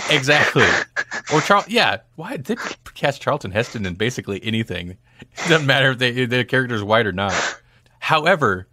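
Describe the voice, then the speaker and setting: Animated man chatting about movies. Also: medium pitch, normal speed, dry recording. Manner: chatty, animated, laughs often. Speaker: podcast co-host. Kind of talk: casual movie review chat.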